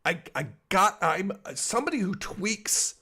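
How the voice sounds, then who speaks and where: A middle-aged man livestreams casually from his bed at home, rambling and chatting as he reads the chat aloud and answers viewers by name. His voice is high-pitched, bright and slightly rough, very animated and forceful in tone, yet his pace is unhurried.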